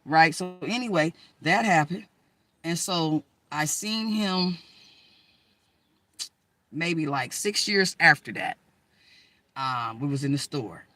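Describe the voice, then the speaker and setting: Woman storyteller, animated and emphatic, slangy and loose, with a tense, forceful voice. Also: sits low, takes it slowly, pauses often, dry recording. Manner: animated, emphatic, addresses listeners as girl and y'all; slangy, profane, rambling. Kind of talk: casual personal storytelling.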